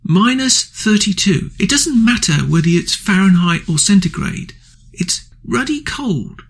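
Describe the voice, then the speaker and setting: A man's voice: high-pitched, sing-song, unhurried, creaky, breathy edge. A man hosting a radio show, delivering an angry political opinion monologue full of indignant, blunt insults.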